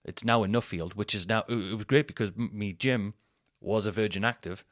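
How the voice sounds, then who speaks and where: A man's voice: fairly low pitch, fairly even intonation, fairly quick, dry recording, studio quality. A man, rambling and swearing through a casual solo podcast chat. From North East England. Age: 30s. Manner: rambling and sweary, thinks out loud. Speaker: podcast host.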